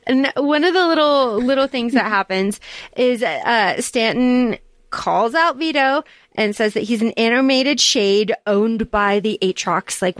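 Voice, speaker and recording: Casting: woman podcast co-host, animated and profane, high voice, dry close sound. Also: measured pace, no echo. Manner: animated, swears freely, acts out characters' lines. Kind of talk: casual book discussion.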